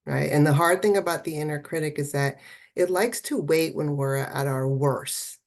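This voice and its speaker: A woman's voice: low-pitched, normal speed, a little mellow. A woman art therapist giving a festival talk, encouraging and conversational, often checking in with "right?".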